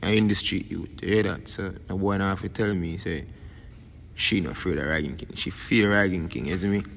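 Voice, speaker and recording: A man's voice: low voice, moderate pace, creaky, fairly bright tone. A man with a Jamaican accent giving rambling casual commentary as a YouTube host, tagging lines with "you see me". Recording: long reverb, faint background noise.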